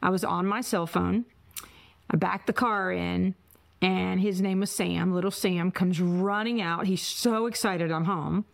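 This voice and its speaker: A woman hosting a podcast, talking in an animated and emotional way as she tells a personal story and asks her guest questions. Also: on the low side, unhurried, vocal fry. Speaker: podcast host. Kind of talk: conversational interview.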